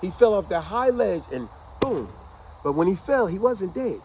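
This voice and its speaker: A man with a high, bouncy voice tells a story in a casual, conversational way, talking straight to his listeners. His pitch rises and falls all over the place as he gets into it. Crickets and insects chirp faintly behind him. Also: normal speed, noisy background. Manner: animated, conversational, addresses listeners as y'all.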